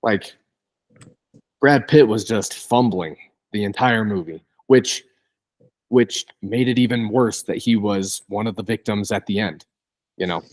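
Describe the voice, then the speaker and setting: Man, podcast co-host, casual film chat, low voice, wistful complaining tone. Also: measured pace, pauses often, a little mellow.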